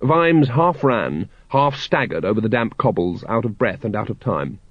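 A man's voice: lowish voice, lively intonation, moderate pace, no echo. Male audiobook narrator, wry dry delivery, close dead recording, slightly dull.

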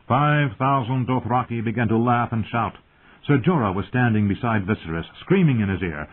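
A man narrating a fantasy audiobook in a measured, tense storytelling manner. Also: mid-range voice, slightly rough. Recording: tinny phone-like audio.

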